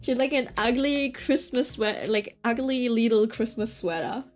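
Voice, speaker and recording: Woman streamer, lively storyteller, fairly high voice, faint music behind. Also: moderate pace. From Britain. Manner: chatty, animated, keeps checking in with listeners. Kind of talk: casual storytelling chat.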